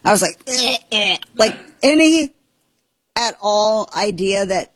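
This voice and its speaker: A woman in her forties from Missouri hosting a casual talk show, telling stories in an animated, chatty way. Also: medium pitch, measured pace, no room sound. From Missouri, USA. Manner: animated storytelling with frequent laughs. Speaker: host. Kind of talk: casual chat.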